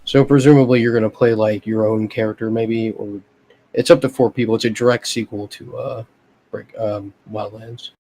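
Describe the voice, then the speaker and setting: A man co-hosting a casual gaming podcast, giving relaxed opinions full of fillers. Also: fairly low pitch, normal speed, a little hiss or hum, rough recording. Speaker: podcast co-host.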